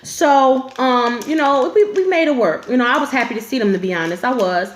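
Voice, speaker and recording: A woman's voice: on the high side, fairly quick, echoey room. A woman telling a story to camera in a casual storytime vlog, blunt and profane, with lots of filler.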